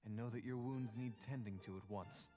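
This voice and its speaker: A man's voice: medium pitch, fairly even intonation, brisk, lightly acted. A man voicing a courtly ghost lord of an old mansion, speaking in a formal, old-fashioned, tender way. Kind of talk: visual novel voice acting. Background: music.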